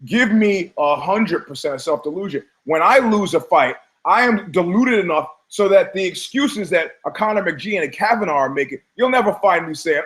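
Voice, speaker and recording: A man hosting a talk show, delivering a rambling, emphatic monologue, swearing, stumbling over words and slipping into quick mimicry of other people. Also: sits high, lively intonation, a bit bright. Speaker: podcast host. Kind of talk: opinionated monologue.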